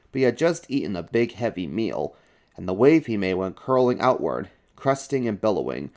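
A man hosting a story podcast and reading a children's book aloud with expressive, animated delivery. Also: fairly low pitch. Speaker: host and storyteller.

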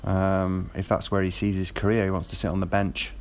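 Casting note: man, fairly low voice, casual rambling monologue, lots of ums and restarts. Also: flat delivery, fairly quick. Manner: rambling, with frequent fillers and restarts. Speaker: football fan.

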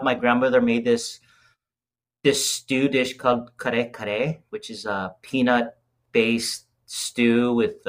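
A relaxed man in easy conversation, thinking out loud with pauses and small fillers. His voice sits at an ordinary middle pitch for a man. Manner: relaxed, thoughtful, chimes in. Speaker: guest. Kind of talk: casual chat.

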